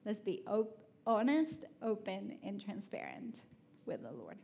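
A woman giving a sermon, telling personal stories in an animated way with laughter and soft, prayerful asides. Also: mid-range voice, unhurried, vocal fry, a little hiss or hum. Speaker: speaker at a church.

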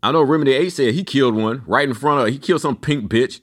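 A man in his fifties delivering a loose, profane, rambling solo rant, his pitch swinging up and down as he goes. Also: quick pace, a bit bright. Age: 50s. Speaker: vlogger.

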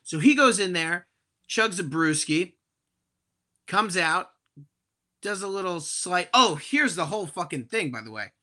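Young male podcast guest, bright raised voice, swears freely while spinning an exasperated comic yarn. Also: sits high, a little slow, pauses often. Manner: profane, animated, exasperated. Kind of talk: comedic storytelling on a podcast.

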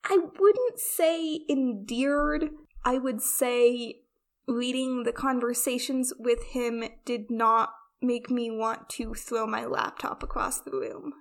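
A woman's voice: a little high, fairly even intonation, slow pace. A woman co-hosting a casual chat, rambling and self-deprecating, with frequent restarts. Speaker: podcast co-host.

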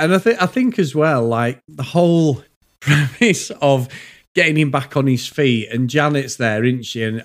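A man, co-hosting a casual film review podcast, telling stories with lots of swearing. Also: fairly high pitch. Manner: swears freely, animated storytelling. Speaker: podcast co-host.

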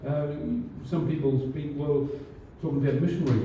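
A pastor preaches in an easygoing, chatty way, full of "you know" and small restarts. His voice is very dark and mellow. It is recorded from across an echoey hall, so the sound is roomy and a bit dull. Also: a little high, steady tone, moderate pace, distant mic, a little hiss or hum. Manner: conversational, many fillers and restarts. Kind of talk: sermon.

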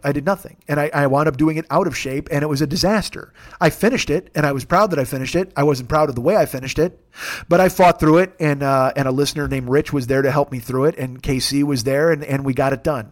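A middle-aged man hosts a confessional podcast monologue, rambling freely and often restarting his sentences. His voice sits a bit higher than most men's. He swears constantly and runs himself down, candid and blunt throughout. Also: fast talker. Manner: candid, profane, self-deprecating, rambling with restarts. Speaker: podcast host.

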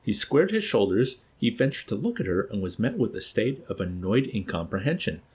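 A man's voice: fairly low pitch, sing-song, fairly quick, darkish tone, slightly rough. A man reading a novel aloud and then discussing it in a hesitant, thoughtful way.

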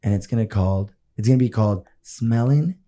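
A man's voice: fairly low pitch, brisk, mellow. A man co-hosting a podcast in casual chat, swearing often and slipping between English and Spanish. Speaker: podcast co-host.

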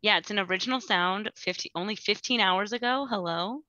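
Rambling woman guest, bright voice. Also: medium pitch, brisk, dry recording, highs cut off. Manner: rambling, full of "like". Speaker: podcast guest. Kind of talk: casual chat.

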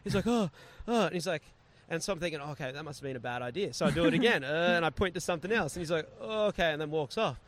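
Brief: man, a touch high-voiced, lively storyteller in a relaxed chat. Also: rapid-fire, few pauses. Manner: animated, acts out quoted voices.

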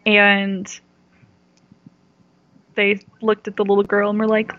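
A woman guest on a podcast, chatting candidly and telling stories, sometimes pausing to search for words. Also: medium pitch, completely flat delivery, no echo. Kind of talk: casual interview chat. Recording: dull dry podcast audio.

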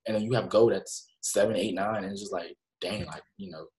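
A man's voice: lowish voice, steady tone, fairly quick, a little mellow. A man casually reviewing anime with a co-host, using slang and acting out his own reactions. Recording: echoey room.

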